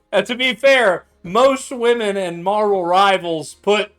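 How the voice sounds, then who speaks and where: A streamer making cocktails, this young man chats casually at his home bar, tipsy and loose, swearing and laughing plenty. His voice is high and fairly bright.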